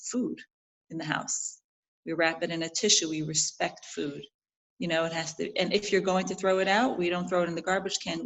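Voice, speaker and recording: Brooklyn woman, New York accent, lowish voice, animated storyteller, guest interview. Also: creaky, low-quality recording. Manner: animated storytelling, frequent restarts. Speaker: guest, jewelry designer. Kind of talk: casual interview.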